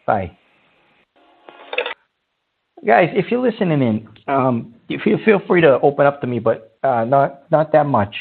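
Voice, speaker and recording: A man's voice: mid-range voice, animated, normal speed, vocal fry, breathy edge. A man hosting a comedic call-in radio show, blustery and exasperated. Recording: tinny phone-like sound.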